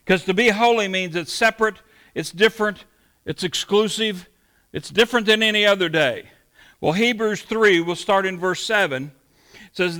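A man's voice: sits high, lively intonation, normal speed, fairly bright tone. A man preaching a sermon, teaching verse by verse in a conversational way with emphatic rises. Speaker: pastor.

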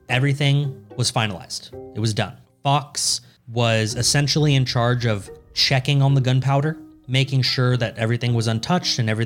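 Male podcast co-host, mid-pitched and laid-back, swears freely while narrating history, faint music under the voice. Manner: casual, profane, laughs often. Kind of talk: casual storytelling chat.

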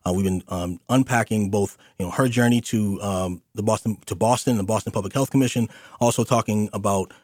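A man's voice: on the low side, brisk, darkish tone, dry recording, clean studio sound. A man hosting a community radio interview show, speaking earnestly with many fillers and restarts. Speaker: radio host.

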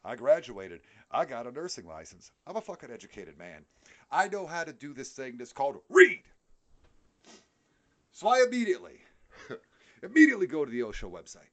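Animated, profane New York man ranting. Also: mid-range voice, moderate pace, long pauses. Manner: heated, profane ranting with frequent swearing. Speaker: podcast co-host. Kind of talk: casual chat.

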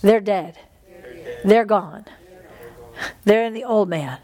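A woman's voice: medium pitch, slow, a little mellow. A woman preaching and praying fervently to a congregation, repeating phrases and exhaling between lines. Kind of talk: sermon with prayer. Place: church service with congregation.

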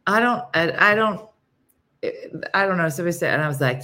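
A woman hosting a casual livestream, chatting with viewers in a rambling way, with many fillers and frequent throat-clearing. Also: lowish voice, animated, a little fast, pushed and bright. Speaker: livestream host. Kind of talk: casual chat with live viewers.

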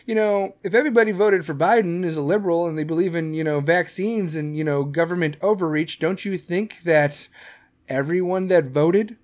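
A man's voice: fairly high pitch, moderate pace, darkish tone. A man hosting a podcast, ranting bluntly with lots of cursing and mocking voices. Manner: blunt, aggressive and profane, mocking put-on voices. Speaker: podcast host. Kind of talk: opinion podcast rant.

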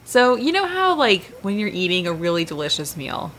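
A woman's voice: mid-range voice, big pitch swings, normal speed, a bit bright, slight background noise. A woman co-hosting a podcast, chatty and self-deprecating, often giggling. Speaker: podcast co-host. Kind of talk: casual podcast chat.

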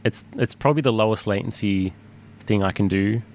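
Casual male co-host, low voice, rambling and laughing; slight background hiss. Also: brisk, a little mellow. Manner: rambling, restarts, laughs often. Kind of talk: casual chat.

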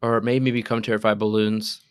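A man's voice: fairly low pitch, little pitch movement, quick pace, clean tone, dry recording, studio quality. A man co-hosting a podcast in casual, playful, teasing banter. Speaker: podcast co-host.

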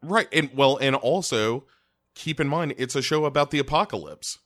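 A man co-hosting a podcast in casual chat, deadpan and rambling with lots of fillers. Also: mid-range voice, moderate pace. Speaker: podcast co-host.

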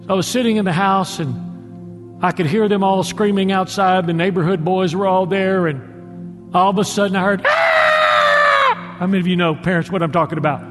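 A middle-aged male pastor preaching a sermon, slowing down dramatically to stress his points. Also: high-pitched, fairly even intonation, shouting. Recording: long hall reverb with music.

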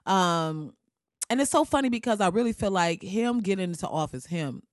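A man's voice: sits high, animated, moderate pace, no echo, clean studio sound. Slangy man ranting casually. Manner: slangy, profane, laughing asides. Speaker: vlogger. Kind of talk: casual comedic rant.

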